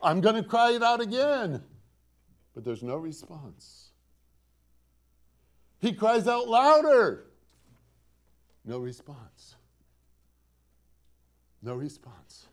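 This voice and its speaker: A man's voice: high-pitched, sing-song, slow, long pauses. A man preaching a sermon as pastor, quoting scripture dramatically, with repetition and rhetorical questions to the congregation. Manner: dramatic, quotes scripture with rising emphasis and repetition.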